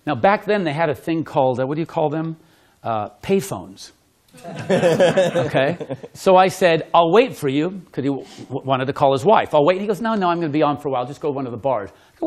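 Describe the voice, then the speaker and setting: High, animated man telling magic stories. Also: fairly quick. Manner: lively, laughing, acts out quotes loudly. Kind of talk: animated storytelling with demonstration.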